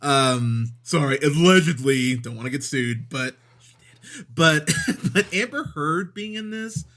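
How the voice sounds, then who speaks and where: A man's voice: a little high, animated, unhurried, a bit bright. A man co-hosting a movie review podcast, talking casually and profanely, often laughing mid-sentence. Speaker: podcast host.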